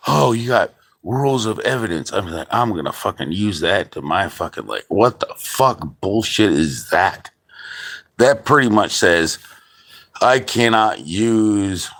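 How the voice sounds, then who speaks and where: A man's voice: lowish voice, fairly bright tone. A man who is a father, ranting angrily in a heavily profane monologue, often restarting his sentences. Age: adult father. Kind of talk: angry venting monologue.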